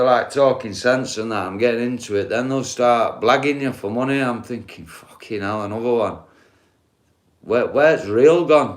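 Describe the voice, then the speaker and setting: A middle-aged man, talking bluntly and swearing as he rambles through a casual live stream chat. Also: mid-range voice. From England. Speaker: livestreamer.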